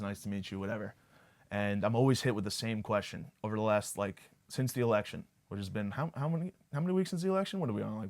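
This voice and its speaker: A young man hosting a podcast, delivering a crude, sarcastic comic monologue full of fillers and tangents. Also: lowish voice. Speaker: podcast host. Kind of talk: comedic monologue.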